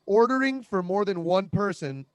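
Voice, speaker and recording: High-voiced young man telling deadpan jokes. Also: normal speed. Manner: conversational, deadpan absurd jokes with frequent fillers. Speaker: comedian. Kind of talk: stand-up style comic monologue.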